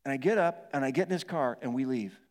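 A middle-aged male pastor telling a dramatic personal story in a sermon, acting out his own shouts and moans. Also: medium pitch, fast, big-room sound. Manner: animated storytelling, acts out yelling and moaning.

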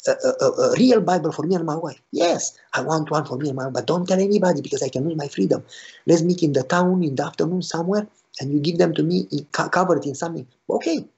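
A pastor telling a story in a sermon, animated and acting out the dialogue with a rising voice. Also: male voice, a little high, creaky, breathy edge. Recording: dull lo-fi recording.

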